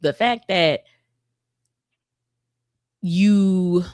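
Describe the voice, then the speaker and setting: Low-voiced woman retelling scripture casually. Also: drawn-out words, darkish tone, dry recording. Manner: retells Bible stories in loose, slangy paraphrase; drawls, repeats and restarts lines. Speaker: podcast co-host. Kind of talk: casual faith podcast chat.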